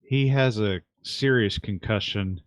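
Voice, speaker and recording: A man's voice: lowish voice, unhurried, no room sound. A man running a tabletop game as game master, thinking aloud with fillers and wry asides. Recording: dull lo-fi dry mic.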